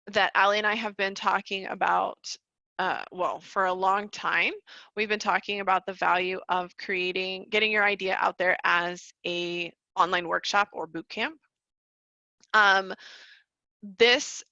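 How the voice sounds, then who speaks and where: A woman teaching a live online class in a bright, forceful voice, chatty and quick to laugh. Her audio is dry and a little dull, like a computer mic on a video call. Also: mid-range voice, no room sound. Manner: chatty, laughs often, calls listeners y'all. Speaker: online course host.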